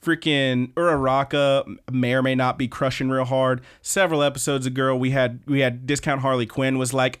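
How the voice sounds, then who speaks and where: A man's voice: mid-range voice, level tone, normal speed, hardly any pauses, fairly bright tone. A man co-hosting a podcast, recapping anime episodes in a rambling, joking way with fillers and swearing. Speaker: podcast co-host.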